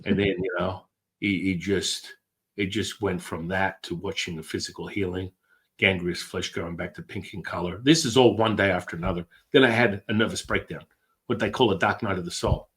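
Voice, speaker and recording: A middle-aged man, a guest, telling stories with excitable energy and casual swearing. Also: low-pitched, moderate pace. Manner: excitable, swears, acts out quotes in other voices. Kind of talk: animated storytelling.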